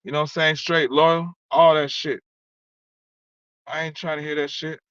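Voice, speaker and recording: Pitched on the high side with little movement and a fairly bright tone, he talks at a normal speed through a profane, rambling vlog rant directed at a person who wronged him. The phrase "you know what I'm saying" keeps coming back, and the recording is dull, lo-fi, and dry with no room sound.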